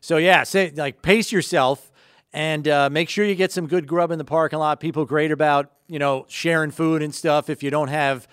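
A man's voice: a little high, fairly even intonation, moderate pace, fairly bright tone, clear, resonant tone, no echo, studio quality. A man co-hosting a sports radio show, teasing the guest in a jokey, casual way. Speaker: co-host.

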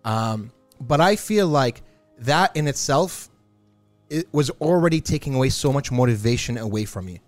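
A man's voice: mid-range voice, expressive, normal speed, faint music behind. A man co-hosting a casual podcast, joking about himself and rambling as he talks. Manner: jokey, self-deprecating and rambling. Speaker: podcast co-host.

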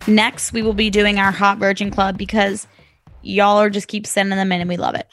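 A woman's voice: medium pitch, flat delivery, brisk, a bit bright, soft background music. Chatty giggly woman podcast co-host. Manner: giggly, chatty, reads listener letters aloud. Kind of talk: casual podcast chat.

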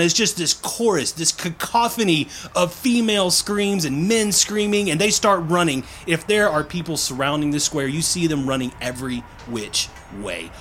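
A man running a tabletop game as game master, narrating in a lively, casual, playful way. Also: fairly high pitch.

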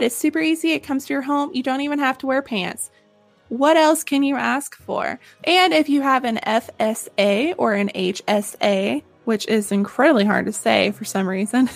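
A young woman hosts a podcast in a chatty, upbeat way, her voice sitting a little high. The recording is dry and close, with no room sound around her, and she laughs easily between lines. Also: dry recording. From Southern United States. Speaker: podcast host. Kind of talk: casual chat and read ad.

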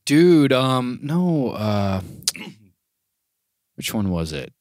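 Animated man with a lively voice. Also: medium pitch, very slow, no room sound, clean studio sound. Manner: animated, loud storytelling with playful impressions. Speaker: podcast co-host. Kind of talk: casual chat.

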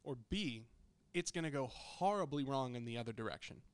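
A man's voice: mid-range voice, animated, brisk, clear, resonant tone, dry recording. A young man on a podcast telling a story in casual, blunt, profanity-laced chat, right up on the microphone. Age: young adult. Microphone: close studio microphone.

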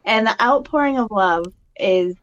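A woman's voice: a little high, lively intonation. Giggly woman on dull lo-fi audio. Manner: giggly, halting with fillers. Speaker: podcast co-host. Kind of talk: casual live podcast chat.

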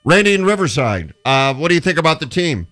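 A man hosting sports radio, briskly taking callers and putting questions to his co-hosts. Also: on the high side, sing-song, a bit bright. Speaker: host.

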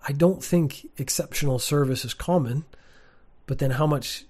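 A man's voice: on the high side, normal speed, darkish tone. A man, giving a candid, opinionated casual monologue to camera from a sparse room, with frequent fillers. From Canada. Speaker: teacher and vlogger.

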